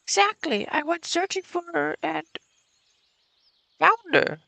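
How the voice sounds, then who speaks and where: A stern, cold older woman who runs the camp, in a high, reedy falsetto that rasps and wobbles up and down, as a man puts her on. she sounds accusing and icy, a bit off the mic. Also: big pitch swings, takes it slowly, sharp tone, exaggerated voice. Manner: high strained falsetto old-lady voice.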